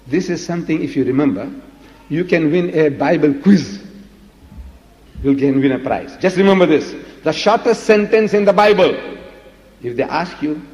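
A man's voice: medium pitch, a little mellow. A man giving a religious lecture in an emphatic, dramatic way, full of rhetorical questions. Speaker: preacher. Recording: dull lo-fi recording in a reverberant hall.

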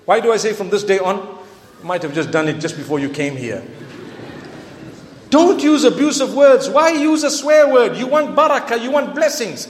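A man gives a lively sermon, teasing his audience and mixing in Arabic phrases. His voice sits very high for a man. The sound rings with the long reverb of a large hall. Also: normal speed, a little hiss or hum. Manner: animated, playful, mixes in Arabic phrases. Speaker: preacher.

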